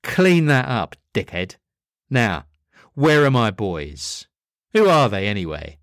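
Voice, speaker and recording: A man's voice: fairly low pitch, big pitch swings, slow pace, no echo, studio quality, full character voice. A man reading the part of a weary, foul-mouthed male devil who sounds spiteful and world-weary. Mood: curt, demanding.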